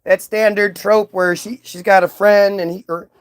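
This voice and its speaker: High-voiced man ranting, heated and profane. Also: steady tone, moderate pace, clear, resonant tone. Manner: heated, profane, many restarts. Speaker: livestream host. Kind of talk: casual rant to a live chat.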